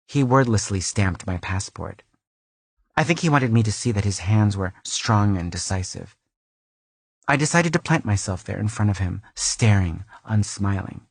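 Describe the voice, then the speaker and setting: Fussy, vain woman author, played by a man, reading her own purple prose; deadpan and low, constantly restarting lines. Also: breathy edge, no echo. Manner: fussy, florid, keeps restarting and correcting lines. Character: vain, self-absorbed woman author, middle-aged. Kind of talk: deadpan comic audiobook reading. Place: recording booth.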